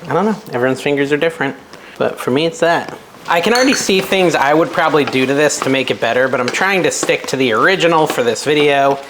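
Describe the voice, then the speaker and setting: A man's voice: fairly high pitch, expressive, fast. A young man chats his way through a recipe at his own stove, thinking aloud and poking fun at himself as he goes. His tone is casual and unpolished, like a home cooking vlog. A light hiss sits under the recording. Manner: chatty, self-deprecating, thinks aloud while cooking. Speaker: cooking video host. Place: home kitchen.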